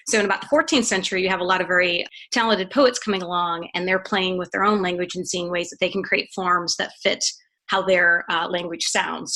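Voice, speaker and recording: A woman with a low-set, bright voice talks through a topic as a podcast guest. She explains patiently and step by step, pausing on small fillers as she thinks. The tone is conversational rather than scripted. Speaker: podcast guest, poetry author.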